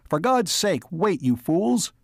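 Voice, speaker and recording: A man acting out a brave man crying out urgently in an audiobook, his voice pushed high and strained. The read is dry and close to the mic. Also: sing-song, slow, gravelly, no echo, heavily acted. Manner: urgent yelling. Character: desperate, brave man shielding a stranger.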